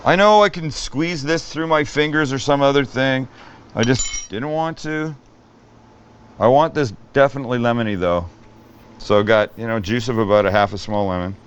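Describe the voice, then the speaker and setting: A man's voice: medium pitch, normal speed, highs cut off, a little hiss or hum. Upbeat, swearing male cooking host. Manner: upbeat, joking, swears freely. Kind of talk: casual cooking demonstration.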